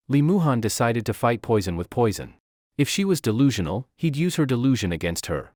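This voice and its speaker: A man narrating a scripted story recap in a brisk storytelling way. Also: mid-range voice, sing-song, a little mellow, no echo, clean studio sound.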